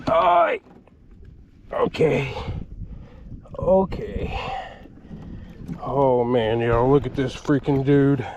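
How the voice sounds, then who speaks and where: A man, excitedly narrating his own fishing vlog from a kayak on a river at night, often exclaiming and laughing. He is recorded on an action camera. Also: mid-range voice, extremely slow, pauses often, muffled recording, a little hiss or hum. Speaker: fishing vlogger. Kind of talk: excited outdoor vlog commentary.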